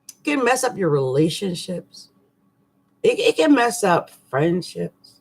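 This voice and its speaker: A woman astrologer talking casually through a monthly forecast, chatty and animated, with slangy asides and frequent laughs. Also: on the low side, unhurried, vocal fry, husky.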